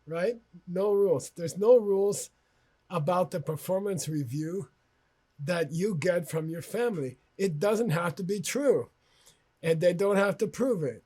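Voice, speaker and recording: A man's voice: sits high, measured pace, a little mellow, breathy edge. A man teaching an online course in a conversational manner, telling anecdotes about himself and often checking in with "okay?" and "you know".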